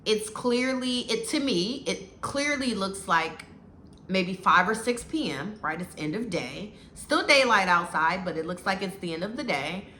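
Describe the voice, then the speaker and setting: A woman's voice: mid-range voice, sharp tone. A woman giving a casual, opinionated recap of a reality show, talking bluntly and with animation. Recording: echoey room with faint noise.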